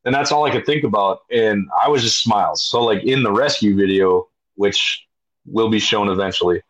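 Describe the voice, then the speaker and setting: A man, a podcast guest, telling a story with heavy swearing and loud acted-out shouts. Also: lowish voice, moderate pace, lo-fi sound. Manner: profane, emphatic, acts out his own shouts. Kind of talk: animated storytelling.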